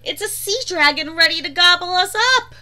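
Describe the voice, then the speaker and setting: A woman's voice: very high voice, normal speed, sharp tone, pitched above the performer's own voice, exaggerated voice. Storybook side character: a timid, jumpy little sea creature voiced by a woman. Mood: frightened. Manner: fearful, jumpy.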